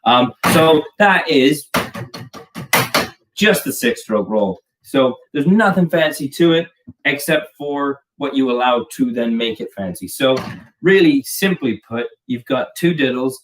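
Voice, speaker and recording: In his home drum room, a male drum teacher gives a casual video lesson, cracking jokes, rambling and poking fun at himself. His mid-range voice is animated but unhurried, picked up by a distant mic with noticeable background noise.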